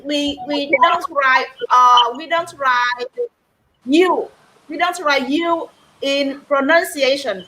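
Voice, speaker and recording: A woman's voice: high-pitched, slow, bright, forceful tone, a little hiss or hum, low-quality recording. A woman speaking English as a second language on a stream chat, insistently correcting pronunciation and repeating words. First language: not English. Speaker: stream participant. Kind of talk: casual chat.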